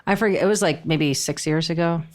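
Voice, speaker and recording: A woman's voice: low voice, brisk, darkish tone. A woman co-hosting a comedy podcast, musing and gossiping casually with many fillers. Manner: gossipy, musing, lots of "I mean" and "like". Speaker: podcast co-host.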